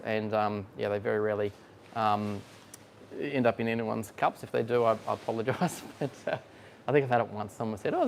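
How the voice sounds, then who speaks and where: Chatty male barista, gravelly voice, laughs easily, faint shop ambience behind. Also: mid-range voice, a little hiss or hum. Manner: chatty, laughs often, explains hands-on. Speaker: barista and coffee shop host. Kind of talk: casual chat while working. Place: coffee shop espresso bar.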